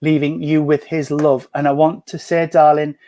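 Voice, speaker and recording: A man giving a gentle, chatty mediumship reading at home over a video call, full of endearments. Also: fairly high pitch, flat delivery, normal speed, no room sound. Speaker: spiritualist medium. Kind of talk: mediumship reading in an online service. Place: at home at a breakfast table.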